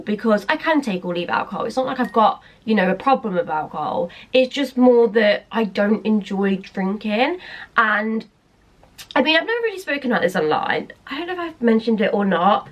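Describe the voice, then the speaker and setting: A young woman speaks to her vlog camera in a fairly high voice. She rambles and hesitates, cutting herself off mid-thought as she talks candidly. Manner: rambling, hesitant, self-interrupting. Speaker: vlogger. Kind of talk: candid personal talk to camera.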